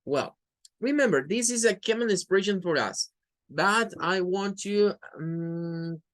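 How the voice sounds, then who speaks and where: A woman with a Spanish accent teaches an English class at a very unhurried pace. She repeats each phrase patiently so her students can hear the pronunciation. Her mid-pitched voice comes across close and dry, with no room echo. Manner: slow, careful, repeats phrases for pronunciation drills.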